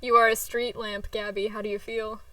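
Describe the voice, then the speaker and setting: A woman's voice: mid-range voice, flat delivery, bright, forceful tone. A woman hosting and playing in a tabletop game, joking around with friends. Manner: joking, quick to laugh. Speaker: player and channel host. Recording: voice far from the mic.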